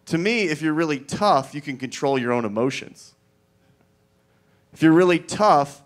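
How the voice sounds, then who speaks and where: A male comedian delivers a stand-up set in an easygoing, rambling manner, full of fillers and asides. His voice sits at an ordinary middle pitch, and his delivery is wry and profane. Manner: rambling, conversational, filler-heavy.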